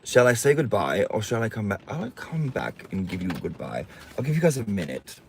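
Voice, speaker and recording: A man's voice: lowish voice, big pitch swings, brisk, vocal fry, a little mellow, slight background noise. A man hosting a casual livestream, campy and sassy, swearing freely and reading out viewer comments. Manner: reads viewer comments aloud. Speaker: livestream host.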